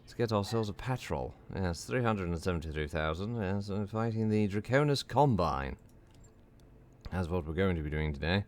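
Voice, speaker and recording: Low, smooth-voiced man rambling through a game. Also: expressive, normal speed. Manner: rambling, repeats "yes" and "good" a lot; dry self-mocking humour. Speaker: game streamer. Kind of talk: casual gameplay stream commentary.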